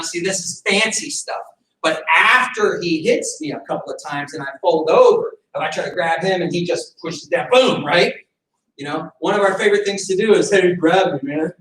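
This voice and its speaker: Animated man teaching self-defense. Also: on the high side. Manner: animated, acts out fight scenarios with sudden shouts. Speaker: martial arts instructor. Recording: echoey room from far off.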